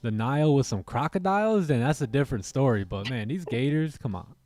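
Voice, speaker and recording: A laid-back man hosts a live trading stream, joking with co-hosts in slang while reading his charts in casual commentary. His medium-pitched voice is animated, fairly quick and a little mellow. The recording is dry, with faint music behind.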